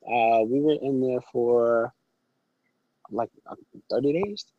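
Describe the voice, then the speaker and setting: A man's voice: mid-range voice, slow pace, no room sound, narrow, tinny audio. A man, a podcast guest, telling his stories casually and animatedly and acting out the people in them. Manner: animated storyteller who acts out quoted voices. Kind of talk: casual storytelling interview.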